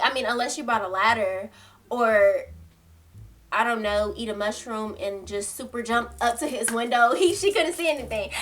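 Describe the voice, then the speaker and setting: A young woman telling a story to her viewers in casual, slangy talk, acting out quotes and laughing as she goes. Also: sits high. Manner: animated, slangy, laughs often, acts out quotes. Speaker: storytime vlogger.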